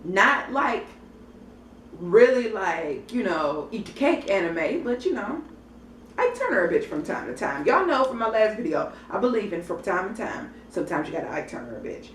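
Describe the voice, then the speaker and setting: A woman's voice: mid-range voice, sing-song, moderate pace, far from the mic. A sassy young woman rants through a reality TV review in loose, profane vlog talk and speaks straight to her viewers. She sits a little away from the mic, so her voice bounces around a roomy space. A faint hum of noise runs underneath. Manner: sassy, blunt, profane, chatty, addresses viewers directly. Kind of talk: casual vlog commentary.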